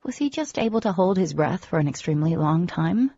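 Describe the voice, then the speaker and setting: Woman audiobook narrator, expressive and dramatic, low warm voice, dull recording, faint music. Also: a little fast, breathy edge, no room sound. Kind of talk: first-person audiobook narration.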